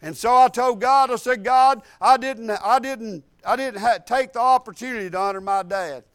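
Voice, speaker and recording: A male preacher, delivering a sermon with repeated emphatic phrases and quiet, confiding asides. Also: extremely high pitch, normal speed, no echo.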